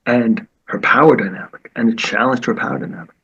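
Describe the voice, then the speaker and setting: Gravelly-voiced man telling stories. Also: mid-range voice, brisk, muffled recording. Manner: animated, acts out quoted voices. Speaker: martial arts teacher, guest. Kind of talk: storytelling in conversation.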